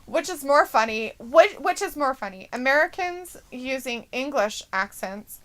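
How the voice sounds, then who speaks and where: A woman's voice: high-pitched, lively intonation, a bit bright. A woman co-hosting a live wrestling stream, chatting casually, reading viewer comments and teasing with a giggle. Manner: giggly, playful, quick to tease.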